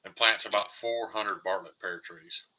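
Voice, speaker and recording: Bright-voiced joking man. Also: lowish voice, moderate pace, rough recording. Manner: joking, deadpan irony. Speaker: podcast guest. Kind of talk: casual chat.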